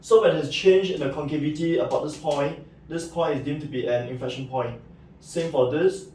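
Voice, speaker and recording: A man's voice: a little high, normal speed, darkish tone, a little hiss or hum. Man lecturing math in an echoey room. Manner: explains step by step with many "right?" and "okay". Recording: echoey room, mic at a distance.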